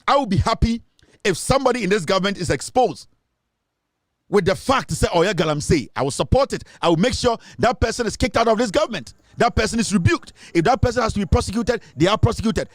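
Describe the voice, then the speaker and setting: A man's voice: sits high, lively intonation, fast, dry recording, clean studio sound. A Ghanaian man giving impassioned commentary, lecturing emphatically and switching between English and Twi. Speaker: online commentator.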